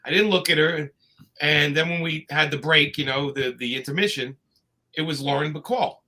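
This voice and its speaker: A man tells his stories in a loose, meandering way, stopping and restarting with plenty of fillers. His voice sits a bit high and comes across bright and forceful. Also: moderate pace. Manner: rambling anecdotes with many fillers and restarts. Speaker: comics creator telling stories. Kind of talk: casual storytelling chat.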